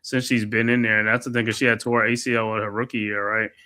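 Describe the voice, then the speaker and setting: Bright-voiced excitable male play-by-play host. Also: on the low side. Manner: excitable, slangy, quick bursts of outrage at calls. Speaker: basketball watch-along host and play-by-play caller. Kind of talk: live play-by-play commentary mixed with casual chat.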